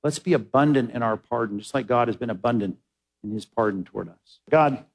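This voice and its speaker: A man's voice: mid-range voice, fairly quick, creaky, low-quality recording. A male pastor giving a sermon, telling a story and rising into emphatic exhortation.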